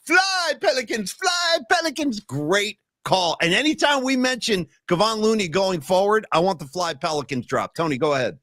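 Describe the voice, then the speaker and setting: A man hosting a casual sports podcast, animated and jokey, ranting about players. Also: high voice, moderate pace, few pauses, no echo, clean studio sound. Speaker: podcast host.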